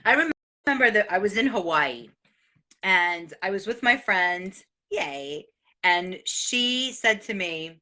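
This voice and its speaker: An excitable middle-aged woman talks straight to her viewers, her voice bright and forward. She swears freely as she hands out life advice, and she does not hold back. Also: mid-range voice, takes it slowly. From New York. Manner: excitable, animated and profane. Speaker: host sharing life advice. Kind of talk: casual motivational monologue.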